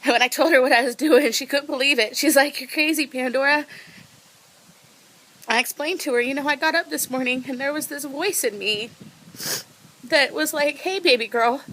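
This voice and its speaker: A woman's voice: sits high, brisk, fairly bright tone, slight background noise, low-quality recording. A woman vlogging right after a half marathon, talking in a heartfelt, rambling way and correcting herself, tired from the run, outdoors on a lookout spot. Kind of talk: emotional personal vlog.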